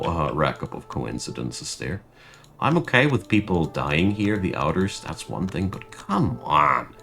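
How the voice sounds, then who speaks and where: A young man with a low, gravelly voice commentates his strategy game at a desk mic, swinging his pitch widely as he vents about bad luck. He speaks slowly and drawn out, clearly frustrated. Faint game music and typing sit under him. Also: fairly bright tone. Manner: frustrated ranting, exasperated. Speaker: gaming channel host. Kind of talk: gameplay commentary.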